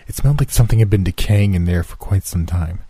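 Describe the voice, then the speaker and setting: Man reading a horror story, very deep voice, dark husky tone, slow and measured. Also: dry recording. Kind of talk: scripted story narration.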